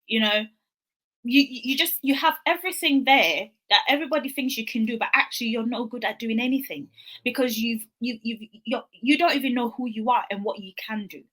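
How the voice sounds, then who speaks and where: Woman, young adult, wellness speaker: bright voice, earnest and chatty delivery. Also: a little high, brisk. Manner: earnest, conversational, acts out quoted dialogue. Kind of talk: motivational talk.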